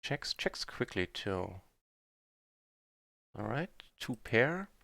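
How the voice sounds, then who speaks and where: A man streaming live poker, chatting through his hands in a mutter that breaks into excited shouts on big wins. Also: medium pitch, drawn-out words, vocal fry, no echo.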